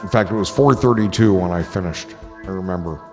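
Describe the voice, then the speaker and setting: Gravelly man rambling profanely. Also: sits low, brisk, a little mellow. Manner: rambling, profane, joking, often trails off. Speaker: livestream host. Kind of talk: rambling casual chat. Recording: clear music and crowd noise behind.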